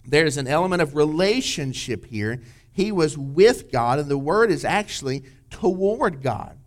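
A male pastor preaching with a slightly raised pitch. He talks earnestly and tells stories conversationally, stopping on small fillers and restarting his sentences. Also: animated, a little slow. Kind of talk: sermon.

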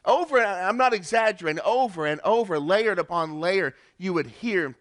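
A man's voice: high-pitched, animated, a bit bright, dry recording. Earnest preaching man, dry close sound. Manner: earnest preaching with pauses and restarts. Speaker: pastor. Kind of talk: sermon.

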